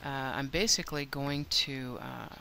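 A woman's voice: rumbling low, steady tone, unhurried, creaky, pushed and bright, slight background noise. An older woman hosting a game video, thinking aloud in a chatty, self-deprecating way as she plays. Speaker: let's play host. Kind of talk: gameplay commentary.

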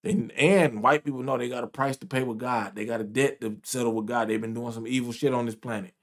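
A man delivers a heated reaction rant over news clips. He is profane and repeats himself, pushing his voice up and louder when he gets worked up. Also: mid-range voice, fairly even intonation, fast. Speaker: commentator. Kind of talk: ranting reaction commentary.

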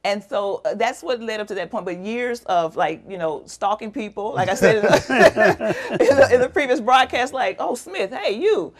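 A woman's voice: mid-range voice, expressive, normal speed, few pauses, crowd noise. A middle-aged woman, a guest on an interview show, telling an emotional personal story and animatedly acting out the voices of people she quotes.

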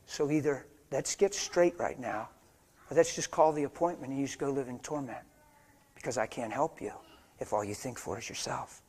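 An older white-haired preacher telling a story in a sermon, dropping to hushed whispers and rising to loud, fervent preaching before a live audience. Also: male voice, mid-range voice, slightly rough. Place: church or meeting hall before a live audience.

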